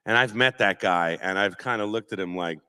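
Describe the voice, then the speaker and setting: A man, a voice actor, chatting casually on a convention panel, telling animated stories and dropping into impressions. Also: on the low side, a little fast, clear, resonant tone. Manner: animated storyteller, slips into impressions. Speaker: voice actor guest. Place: convention auditorium stage.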